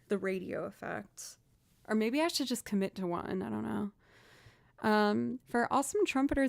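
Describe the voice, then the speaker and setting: A woman's voice: medium pitch, gravelly, no echo. A young woman chatting casually with her live-stream audience, rambling with fillers and restarts. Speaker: streamer and musician.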